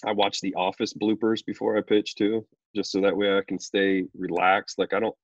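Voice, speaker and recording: A man, a pro baseball pitcher, chatting casually in an interview and telling stories loosely with lots of fillers. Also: normal speed, dry recording, highs cut off. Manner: relaxed, rambling storyteller with many fillers.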